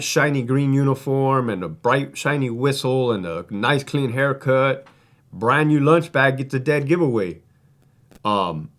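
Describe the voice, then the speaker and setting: A man's voice: medium pitch, a bit bright. A man who used to be a prison guard tells stories in a casual, profane, streetwise way, rambling and restarting his sentences. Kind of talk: casual storytelling.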